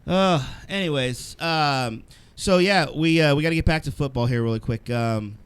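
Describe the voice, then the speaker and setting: A man's voice: on the high side, normal speed, clean tone, dry recording. A man co-hosting a podcast, chatting bluntly about sports with frequent swearing and laughter. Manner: blunt, profane, laughs often. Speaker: podcast co-host. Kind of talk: casual sports chat. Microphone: studio mic, live-streamed show.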